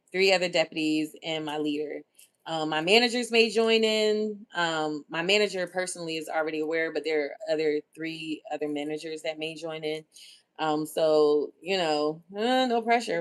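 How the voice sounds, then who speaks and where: A middle-aged woman hosts a live stream in a loose, chatty way, reading out viewers' comments and reacting openly. Her voice sits at an ordinary pitch for a woman, and her talk is emotional and personal. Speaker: livestream host. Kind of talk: casual livestream chat.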